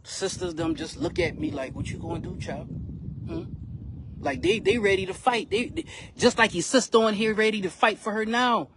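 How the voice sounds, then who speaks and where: Brief: young man, rapper, frustrated storytelling vlog, high-ish voice, faint background hum. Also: brisk, few pauses. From South Carolina, US. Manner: emphatic, conversational, frustrated retelling with slang. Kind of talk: storytelling vlog addressed to his son.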